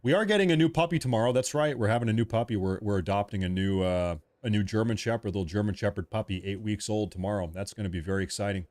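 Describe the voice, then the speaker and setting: A man's voice: lowish voice, quick pace, hardly any pauses, darkish tone, dry recording. A man hosting a live stream of political commentary. He reacts to viewer chat in an emphatic, repetitive way, joking about being a little irritable.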